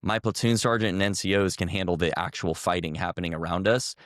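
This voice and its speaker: A man's voice: sits low, fast, a bit bright, no room sound, clean studio sound. A man in his thirties, a former army officer, telling an earnest, reflective story as a podcast guest.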